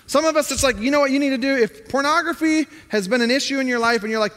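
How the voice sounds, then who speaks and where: A man's voice: very high voice, fast, hardly any pauses, pushed and bright. A middle-aged male pastor preaching a sermon in a conversational tone that rises to emphatic pleading. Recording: hall reverb.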